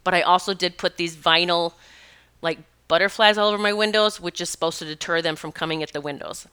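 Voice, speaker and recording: Spiritual teacher lady chatting casually, bright crisp voice, lots of laughs. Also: on the low side, brisk. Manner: animated, emphatic, laughs often. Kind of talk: casual storytelling monologue.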